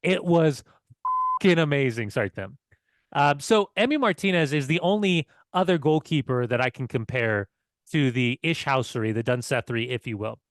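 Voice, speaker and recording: A man co-hosting a casual football podcast, telling excited, swearing stories with laughs. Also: mid-range voice, normal speed, dry recording, studio quality. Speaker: podcast co-host.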